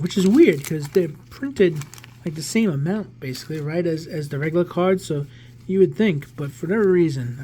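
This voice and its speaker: With a faint hiss or hum in the recording, a fairly high-voiced card collector in his 40s from the New York area casually comments on a pack he's opening. He rambles, thinks aloud, and restarts himself in a relaxed manner.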